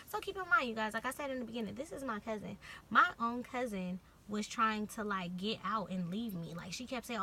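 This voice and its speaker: A young woman with a Californian accent telling a casual storytime vlog, animated, swearing freely and acting out what people said. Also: mid-range voice, a little fast, slight background noise. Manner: animated, swearing, acts out quotes. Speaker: vlogger.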